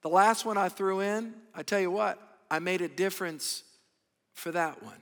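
A man's voice: high voice, moderate pace, fairly bright tone. A male pastor voicing an earnest young man from a sermon story. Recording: long hall reverb.

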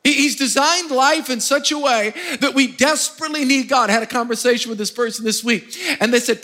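A man's voice: very high-pitched, brisk, sharp tone. A man preaching a sermon as pastor, emphatic and drawing spoken responses from the congregation. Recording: long hall reverb.

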